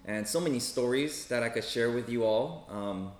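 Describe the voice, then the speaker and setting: A man's voice: medium pitch, animated, moderate pace. A man who works as a hospital chaplain, telling a story to a group in a casual way and often checking in with "right?" and "okay?". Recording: roomy echo with faint ambience.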